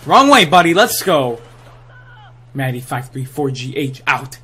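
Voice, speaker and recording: A young man giving excitable, trash-talking live commentary over his own gameplay, full of gamer slang. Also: medium pitch, unhurried, slightly rough. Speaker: gaming channel host.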